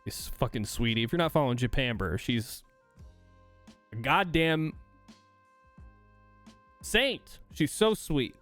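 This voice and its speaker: A man's voice: mid-range voice, animated, takes it slowly, pauses often, a bit bright, faint music behind. A man from the United States hosting a livestream, ranting in a heated, profane, exasperated way while reading and answering chat. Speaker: streamer host.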